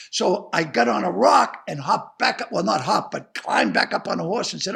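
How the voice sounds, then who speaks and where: Animated older Boston man, gravelly and bright. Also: sits high, a little fast. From Boston area. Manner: animated, profane, acts out voices in his stories. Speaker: guest comedian. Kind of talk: storytelling interview chat.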